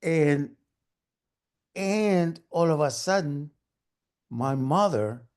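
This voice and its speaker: A man telling a story at a live storytelling event, animated and humming sewing-machine sounds. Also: on the high side, extremely slow, pauses often. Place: storytelling event, online gallery view.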